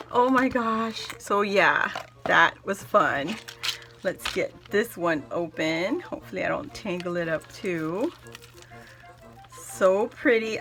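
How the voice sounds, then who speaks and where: Woman, crafting vlogger, effusive unboxing chat, slow and lively, on the higher side. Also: creaky. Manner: gushing, gasping, effusive. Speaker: craft vlogger opening gifts. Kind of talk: casual gift unboxing.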